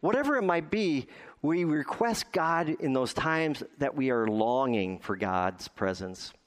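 A man's voice: medium pitch, expressive, measured pace. A male pastor delivering a sermon in a folksy storytelling way.

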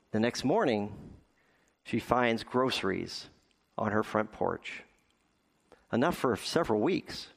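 A man's voice: medium pitch, a little slow. A male pastor delivering a sermon in a folksy storytelling way.

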